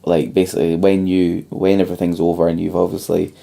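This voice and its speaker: Young guy with a deep gravelly dark voice, rambling thru a movie plot w lots of ums. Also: monotone, quick pace. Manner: retells a film plot at length with many ums. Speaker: podcast co-host. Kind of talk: casual film chat.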